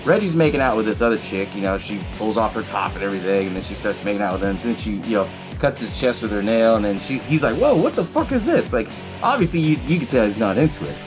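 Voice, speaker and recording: A man hosting a podcast, casually recapping a film in a profane, animated way and acting out the characters' lines. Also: on the low side, quick pace, few pauses, music in the background. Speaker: podcast host.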